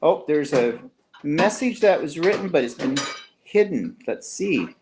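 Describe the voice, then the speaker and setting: A man's voice: fairly high pitch, animated, a little slow, noisy background. A man from Canada, co-hosting a live online show in casual, teasing chat and reading viewer comments aloud.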